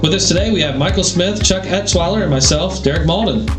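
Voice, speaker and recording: A man's voice: high-pitched, fast, roomy sound, music in the background. Man with a peppy game-show-host style. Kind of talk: show introduction.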